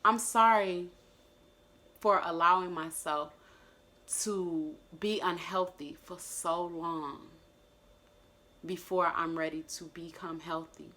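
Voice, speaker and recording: Bright-voiced woman, earnest and heartfelt. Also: lowish voice, fairly even intonation, takes it slowly, long pauses. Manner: heartfelt, earnest and emotional, with soft self-talk. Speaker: vlogger. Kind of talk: personal reflective monologue.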